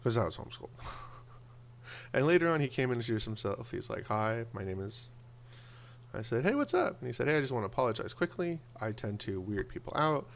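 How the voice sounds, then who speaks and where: A man telling personal stories in a casual monologue, animated and acting out the voices of people he quotes. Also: medium pitch, a little fast, gravelly, a little hiss or hum. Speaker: video blogger.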